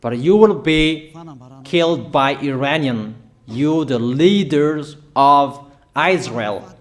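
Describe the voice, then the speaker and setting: A man preaching a prophetic sermon, making emphatic, repetitive declarations and often pausing with fillers. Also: fairly high pitch, animated.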